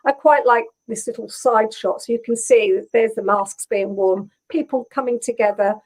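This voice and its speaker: A woman from Norfolk with a Norfolk English accent, a textile artist chatting thoughtfully with many pauses on a video call. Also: on the high side, darkish tone, poor audio. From England, Norfolk. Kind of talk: casual video call interview.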